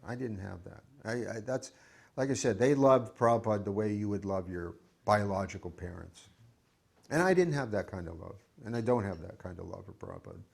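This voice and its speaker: Man looking back on old days, raspy low voice, slow and thoughtful, stops and restarts a lot. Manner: reflective, hesitant, with restarts. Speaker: devotee recalling memories. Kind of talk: reminiscing interview.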